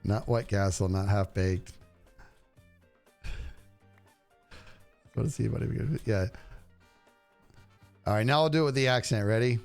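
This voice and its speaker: A man's voice: on the low side, a little slow, creaky, pauses often, darkish tone, clean tone, soft background music. A man streaming a game, chatting casually and rambling to his viewers. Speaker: livestreamer. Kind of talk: casual gameplay stream chat.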